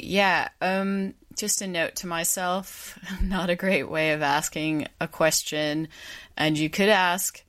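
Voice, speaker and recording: A woman's voice: lowish voice, steady tone, takes it slowly, fairly bright tone. A woman hosting a podcast, narrating and commenting with reflective, wry asides. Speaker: podcast host.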